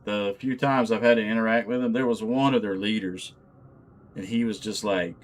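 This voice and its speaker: A man's voice: lowish voice, steady tone, normal speed. A man casually chatting while he assembles miniatures. He is laid-back and profane and laughs often. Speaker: channel host.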